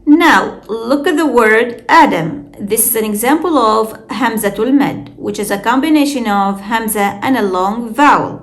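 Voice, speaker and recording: A woman's voice: on the high side, lively intonation, unhurried, hardly any pauses. A woman teaching Arabic pronunciation, explaining rules carefully and reading out examples. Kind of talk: slow scripted lesson narration.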